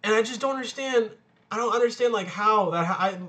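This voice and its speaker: A man's voice: sits high, a little fast, bright, forceful tone. Rambling, foul-mouthed young man. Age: young adult. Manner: rambling, crude, lots of filler words and swearing. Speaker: college student telling a story. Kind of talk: casual profane storytelling.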